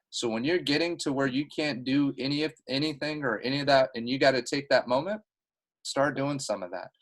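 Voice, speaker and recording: Team-leader type, man, mid pitch, earnest and heartfelt, rambling motivational talk over a video call. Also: fairly bright tone, rough recording.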